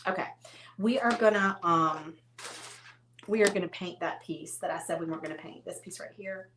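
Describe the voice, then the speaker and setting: A woman's voice: on the low side, moderate pace, a little hiss or hum. Chatty woman teaching crafts. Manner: chatty, self-teasing, talks straight to viewers. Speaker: craft tutorial host. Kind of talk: casual painting tutorial.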